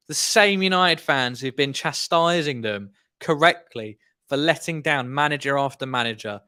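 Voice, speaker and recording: A man's voice: mid-range voice, normal speed, clean tone. A young man hosting a live football watchalong, giving exasperated fan reactions as the match plays out. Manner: animated, exasperated fan commentary.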